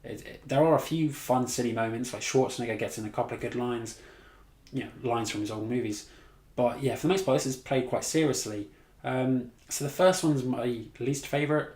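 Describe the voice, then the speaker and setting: A man's voice: mid-range voice, brisk, a little mellow. Sweary exasperated man ranting in echoey room. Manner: blunt, sweary, exasperated, laughs at his own mockery. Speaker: movie reviewer. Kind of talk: casual ranting movie review.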